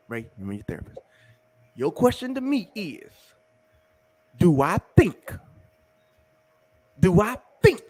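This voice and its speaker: A man co-hosting a track talk show, shouting in outrage and then hushing himself to stay calm. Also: extremely high pitch, breathy edge. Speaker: track podcast co-host. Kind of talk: heated sports talk.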